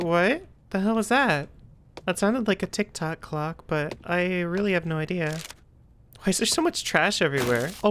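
A woman with a fairly low voice talks through a horror game, chatty and full of fillers. She startles easily and breaks into nervous outbursts. Her throat sounds a little rough, and a faint hiss sits under the recording. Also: fairly bright tone. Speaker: gaming streamer.

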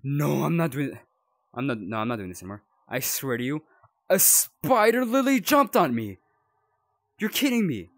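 A young man talks his way through a spooky game, his pitch leaping all over between nervous mutters and startled yelps. His voice sits a bit high for a man. The sound is dry and close. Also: sing-song, moderate pace, fairly bright tone, no echo. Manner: jumpy, yelps and rambles while scared. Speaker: gaming YouTuber. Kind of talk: horror game playthrough commentary.

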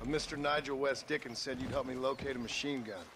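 An actor playing a stoic gunslinger who talks in a dry, curt, deadpan way. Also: male voice, mid-range voice, fairly quick, noisy background, natural voice. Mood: calm. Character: stoic gruff gunslinger, adult man. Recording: game audio with hoofbeats and ambience.

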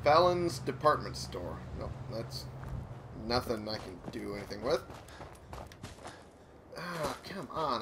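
A man's voice: medium pitch, big pitch swings, slow, pauses often, background noise. A man giving casual gameplay commentary, muttering to himself, swearing often, and making fun of himself.

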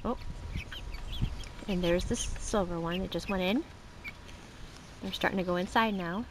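Speaking at a measured pace, a woman shows her birds by a backyard chicken coop in a casual handheld show-and-tell vlog outdoors. Chatty throughout, she coaxes the birds in a high voice while chickens and ducks sound in the background and a faint hiss or hum runs underneath.

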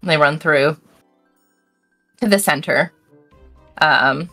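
A woman's voice: on the low side, expressive, unhurried, creaky, a bit bright, soft background music. Lady running a tabletop game, casual, voice swoops around a lot, lots of ums. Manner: casual, many fillers. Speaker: game master.

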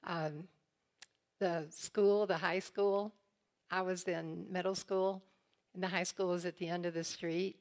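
A woman's voice: fairly low pitch, flat delivery, measured pace. A woman from eastern Kentucky teaching a church congregation, telling family stories and acting out the people she quotes. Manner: storytelling, acts out quoted voices with laughs. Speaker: guest teacher.

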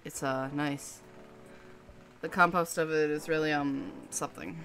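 A woman voicing a sulky, quiet alligator schoolgirl who mutters low and deadpan in a game playthrough. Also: a little slow, faint music behind, rough recording.

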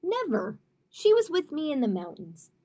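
A woman's voice: sits high, wildly swooping pitch, moderate pace, dark tone, voice pushed up. A woman doing a brave, stubborn rabbit. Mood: confident. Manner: grumbling, sure of himself. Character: confident, brave male rabbit, a bit stubborn.

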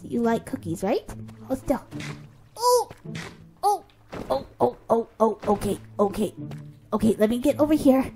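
High, lively woman gushing over her game. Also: normal speed, pauses often, soft background music. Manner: excitable, gasping, cooing at her pet; chatty running narration of her play. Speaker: game video creator. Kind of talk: let's-play commentary.

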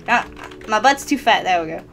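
In a laid-back Minecraft role-play, the lead player voices her character with a giggly, playful energy, laughing in the middle of sentences. Her mid-range voice is expressive, gravelly and fairly bright, moving at a moderate pace over soft background music.

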